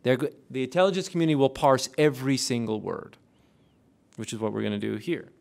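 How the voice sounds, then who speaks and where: Gravelly man quizzing a class. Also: mid-range voice, darkish tone. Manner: quizzes the audience with rapid questions. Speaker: lecturer on intelligence oversight. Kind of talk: interactive classroom lecture.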